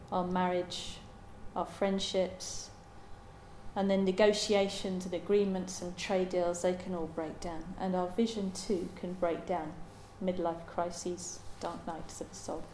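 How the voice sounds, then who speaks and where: A woman giving a Buddhist dharma talk in a halting, thoughtful way, with many pauses and ums. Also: on the low side, dark tone, slight background noise. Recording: roomy echo.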